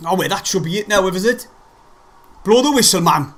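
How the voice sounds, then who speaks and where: A young man commentates as a fan on a live stream, his slightly high voice leaping from excited shouts to tired, mumbled asides. He sounds worn out and curses freely. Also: a little fast. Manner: excitable, swearing, swinging between shouts and weary mumbles. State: exhausted after a tense match. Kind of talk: live match watch-along commentary.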